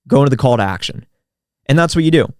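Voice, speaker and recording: A man's voice: mid-range voice, animated, fast talker, darkish tone, no room sound, clean studio sound. A man who is a sales expert, giving direct, step-by-step advice in an interview. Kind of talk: instructional interview answer.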